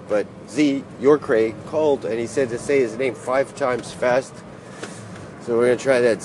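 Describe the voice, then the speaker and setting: A man's voice: medium pitch, moderate pace. A man in his fifties talking casually while driving, playfully chanting word games. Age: 50s. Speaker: podcast host. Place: car with the window open. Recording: loud wind and road noise. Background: wind and traffic noise.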